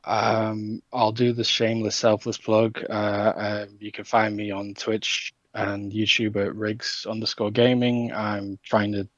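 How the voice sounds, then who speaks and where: A man's voice: fairly low pitch, completely flat delivery, measured pace, few pauses, a bit bright, no room sound. A man guesting on a podcast, nervous and earnest, speaking over a cheap home microphone. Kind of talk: casual interview chat. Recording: dull lo-fi home mic.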